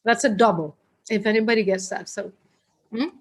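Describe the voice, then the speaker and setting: A woman's voice: mid-range voice, steady tone, moderate pace. A woman teaching a live group class, talking in a chatty, guiding way with frequent restarts. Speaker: workshop teacher.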